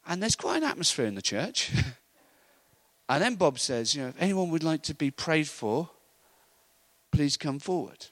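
A middle-aged man telling an animated story in a sermon, acting out the voices of the people in it. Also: a little high, moderate pace, poor audio. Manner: animated storytelling, acts out voices, laughs often. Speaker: preacher. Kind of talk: sermon anecdote.

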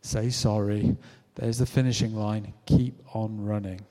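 A British man preaching a sermon in a chatty, animated way, acting out quotes as he tells stories. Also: fairly low pitch, unhurried, in a large hall. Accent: British English. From Britain. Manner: conversational, animated storytelling with acted-out quotes.

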